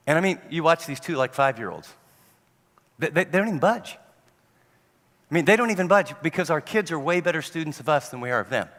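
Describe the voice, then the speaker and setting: A man preaching a sermon on parenting, telling stories and acting out parents and children in an animated way. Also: a little high, brisk, pauses often. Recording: long hall reverb.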